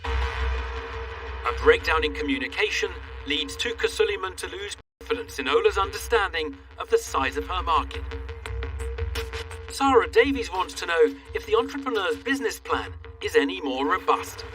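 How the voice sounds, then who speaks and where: A man narrating a reality business show in a crisp, scripted voice-over. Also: sits high, expressive, bright, forceful tone, distant mic, poor audio. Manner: crisp, measured voice-over delivery. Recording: voice-over with faint music.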